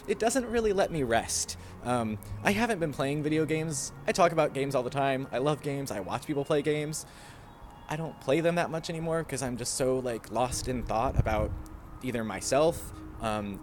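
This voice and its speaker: A man's voice: mid-range voice, slight background noise. A young man talking casually to camera, musing about himself in a rambling way and laughing at his own habits. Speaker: vlogger. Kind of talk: casual reflective monologue.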